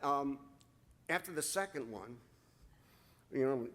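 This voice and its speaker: A middle-aged man presents at a ceremony, telling a personal story with feeling. His voice sits in a middle pitch, and he stumbles and restarts as the emotion builds. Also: lively intonation, takes it slowly, fairly bright tone. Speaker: hall of fame presenter.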